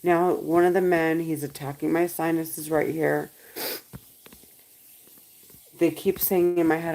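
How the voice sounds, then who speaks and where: A woman's voice: deep voice, steady tone, unhurried, pauses often, a little mellow, poor audio. A woman recording a vlog at home, talking in an agitated, pleading, repetitive way. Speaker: vlogger. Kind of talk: monologue to camera.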